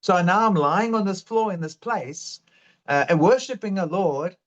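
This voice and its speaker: A man's voice: high voice, expressive, normal speed. A man telling his faith testimony in an earnest, fervent way. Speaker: guest sharing testimony. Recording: dull lo-fi sound.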